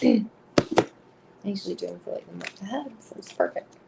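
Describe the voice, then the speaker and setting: A woman with a husky voice reading cards on a live stream, chatting casually with viewers and giggling often between rambling sentences. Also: mid-range voice, a little fast, very noisy. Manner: chatty and rambling, full of filler words. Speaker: live-stream card reader.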